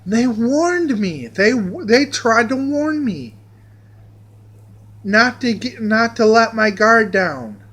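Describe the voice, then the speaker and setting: A man drags out a long, rambling story of his own in an unhurried way. He is profane throughout and circles back over the same phrases again and again. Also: extremely high pitch, lively intonation, a bit bright, slightly rough. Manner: profane, repeats phrases, drawn-out. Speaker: vlogger telling a personal story. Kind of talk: rambling personal anecdote.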